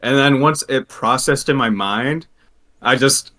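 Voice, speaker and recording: A man chatting casually on a podcast, animated and quick to laugh as he tells a story. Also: mid-range voice, slight background noise. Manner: animated, laughs often, trails into restarts. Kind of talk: casual hockey chat.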